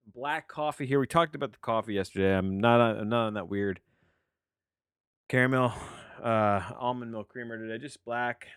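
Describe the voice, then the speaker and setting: A tired, low-energy man hosting a solo movie podcast from his home office, rambling and questioning himself as he talks. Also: normal speed, a bit bright, clear, resonant tone, dry recording, studio quality. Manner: rambling, meandering, self-questioning. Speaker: podcast host and movie reviewer. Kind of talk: casual solo podcast monologue.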